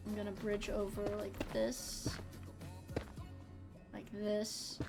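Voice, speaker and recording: A woman's voice: medium pitch, monotone, slow pace, over loud music. A young woman streaming a game, chatting casually, swearing freely and often restarting her sentences. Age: young adult. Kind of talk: casual gaming livestream chat.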